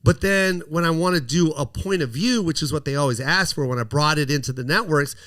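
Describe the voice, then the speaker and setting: Man, comedian guest, indignant, emphatic, repetitive, swearing, slightly high pitch. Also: a little fast, fairly bright tone. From United States. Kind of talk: heated conversational interview.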